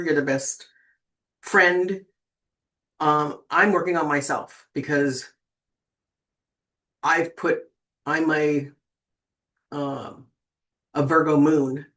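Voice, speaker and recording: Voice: mid-range voice, a bit bright. A person in their sixties hosting a tarot channel, chatting casually and rambling with lots of fillers and restarts, and often checking in with "right?". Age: 60s. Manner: rambling, keeps asking "right?". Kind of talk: casual spiritual talk to viewers.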